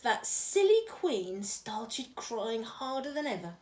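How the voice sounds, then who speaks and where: A woman reading a children's storybook aloud in a fairly high voice that rises and falls very expressively. She breaks off to chat and giggle and drops to a hush at the tense parts. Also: slow pace. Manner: animated, giggly, hushes to whispers for suspense. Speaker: storyteller reading a picture book. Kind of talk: read-aloud with chatty asides.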